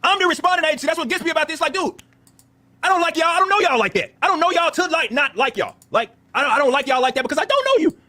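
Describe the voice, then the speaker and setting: A man's voice: very high voice, lively intonation, very fast, pushed and bright. A man on a livestream, ranting heatedly with lots of profanity and repeated phrases. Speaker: streamer.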